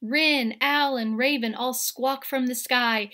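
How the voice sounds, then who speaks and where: A woman, a kindergarten teacher, reading a picture book aloud to young children, expressive and turning to a hush at the scary moments while asking her listeners questions. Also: sits high, takes it slowly, few pauses.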